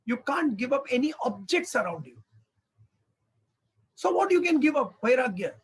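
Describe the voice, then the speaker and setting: A high-voiced man gives a spiritual discourse on scripture. His voice is husky, and he talks in an animated way. He keeps asking the listeners rhetorical questions. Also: moderate pace, low-quality recording. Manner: animated, acts out little dialogues, rhetorical questions. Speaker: spiritual teacher.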